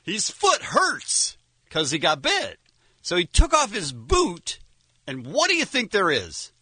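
Animated man recapping a movie. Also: sits high, slow, husky, dry recording. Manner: animated storytelling, laughs often. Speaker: podcast host.

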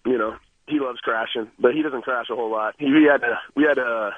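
A laid-back man talks quickly over a tinny phone line, the sound dry and narrow. He rambles easily through stories as a call-in guest, dropping "man" into his sentences. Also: medium pitch, no echo. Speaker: phone-in guest, film actor. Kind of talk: casual interview over the phone. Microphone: telephone.

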